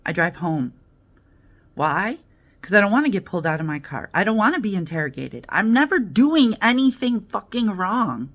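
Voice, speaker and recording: An American woman talking casually in a diary vlog, telling an animated story and acting out the other people in it. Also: medium pitch, normal speed. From United States. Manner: animated storytelling, quoting voices, laughing, swearing. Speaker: vlogger.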